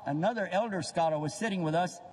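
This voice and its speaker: Animated high-voiced older preacher man. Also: quick pace, slightly rough, long reverb tail. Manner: animated, acts out voices of others for humor. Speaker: Islamic preacher. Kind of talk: lively religious lecture.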